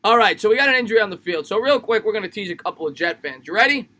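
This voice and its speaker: A man hosting a live sports stream, calling plays in quick bursts, greeting chatters by name and cracking jokes. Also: high-pitched, animated, bright, forceful tone. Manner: rapid play-by-play calls, greets chatters by name; jokey and loose, repeats phrases. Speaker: livestream sports host. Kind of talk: live play-by-play commentary and chat reading.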